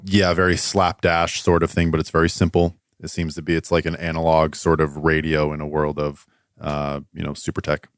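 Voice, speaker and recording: A man narrating a tabletop game as game master, pausing often with fillers. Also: extremely low pitch, monotone, clean tone, dry recording, studio quality. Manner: hesitant descriptive narration with many fillers.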